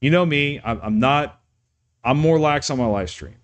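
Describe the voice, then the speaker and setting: A man talking off the cuff on his live stream, ranting and yelling at times, with many restarts and fillers. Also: mid-range voice, animated, normal speed.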